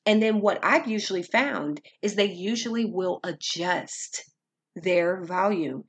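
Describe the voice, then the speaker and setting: A Christian woman offers faith-based advice with earnest calm, teaching in a measured, unhurried, deliberate way. Her voice sits on the low side and has a soft, breathy edge.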